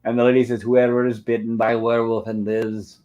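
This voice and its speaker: A man's voice: mid-range voice, level tone, fairly quick, mellow, lo-fi sound. A man hosting a casual livestream review, walking through a film scene by scene and reading out its lines. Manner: narrates scenes step by step, reading out dialogue. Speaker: host of a movie review livestream. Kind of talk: casual movie recap.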